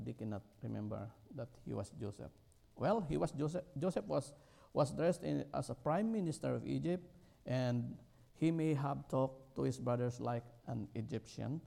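Gravelly middle-aged man preaching haltingly. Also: mid-range voice, mellow. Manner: halting, with many fillers and restarts, rising emphatically on key words. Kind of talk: sermon.

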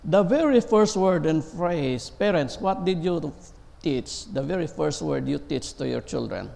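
A man preaching a sermon, speaking slowly and haltingly with many fillers and pauses. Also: fairly high pitch, animated, creaky, warm tone, in a large hall.

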